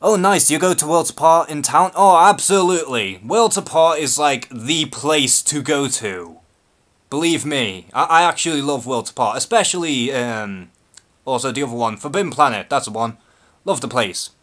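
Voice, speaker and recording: A man's voice: medium pitch, normal speed, fairly bright tone. A man from Liverpool with a Scouse accent, hosting a live-stream Q&A and speaking in a nervous, hesitant, unscripted way. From Liverpool, England. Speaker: YouTube channel host.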